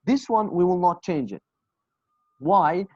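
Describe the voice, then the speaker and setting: A man's voice: high voice, lively intonation, slow pace, a little mellow, breathy edge, no room sound. A man with a Kurdish accent leads an online English pronunciation lesson. He patiently repeats each example phrase again and again. The video call audio is dull and dry. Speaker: English teacher.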